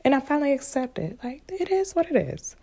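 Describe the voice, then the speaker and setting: A woman giving casual motivational talk, frank and animated with lots of profanity, sometimes dropping into a hushed whisper. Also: high-pitched, a little fast, gravelly. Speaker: vlogger and spiritual speaker.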